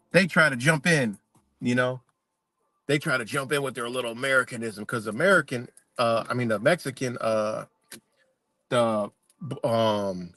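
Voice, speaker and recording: A man's voice: mid-range voice, bright, forceful tone, no echo. A man hosting a livestream, ranting casually in a profane, rambling way with many restarts. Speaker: livestream host.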